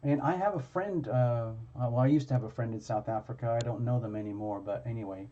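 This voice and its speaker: A man's voice: medium pitch, dark tone, highs cut off. Rambling man hosting a live tarot stream. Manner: chatty, halting, many fillers and restarts. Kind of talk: casual live-stream chat.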